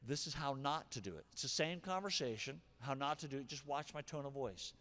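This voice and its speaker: A man preaching a sermon as pastor, animated, acting out harsh and gentle examples. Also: mid-range voice, fairly quick, few pauses. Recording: long hall reverb.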